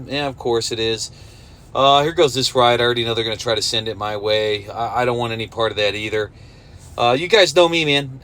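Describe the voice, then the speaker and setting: A man's voice: medium pitch, fairly bright tone, slight background noise. A man vlogging as a rideshare driver from inside his car, talking casually and with frustration, swearing often and calling his viewers dude and bro. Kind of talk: casual rambling vlog.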